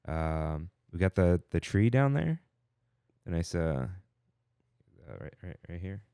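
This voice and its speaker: A man's voice: deep voice, slow pace, clear, resonant tone, no echo. A man co-hosting a podcast, chatting casually and rambling with plenty of fillers. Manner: relaxed, rambling, lots of fillers. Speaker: podcast co-host. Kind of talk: casual chat.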